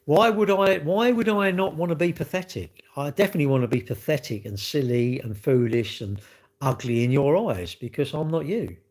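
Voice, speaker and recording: A man's voice: a little high, animated, moderate pace, a little mellow. A man on a live stream, answering chat comments bluntly in a rambling way, full of restarts and rhetorical questions.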